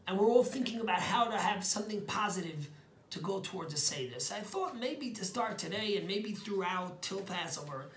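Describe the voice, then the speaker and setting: A man, a rabbi, telling a story as a sermon, dropping to hushed whispers and rising to loud, emphatic bursts. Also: high-pitched, expressive, brisk, reverberant, slight background noise.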